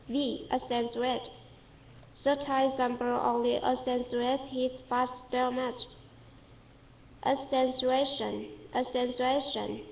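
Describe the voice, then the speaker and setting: A woman with a Vietnamese accent reading English dictionary entries aloud to practice pronunciation, repeating each word several times and correcting herself. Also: high voice. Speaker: English learner. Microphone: webcam. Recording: echoey room, dull lo-fi webcam audio.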